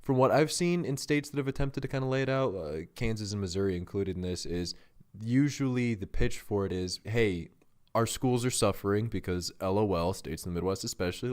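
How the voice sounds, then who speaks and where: Wry low-voiced podcast host. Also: male voice, expressive. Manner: wry, joking, quick asides. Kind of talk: casual political podcast chat.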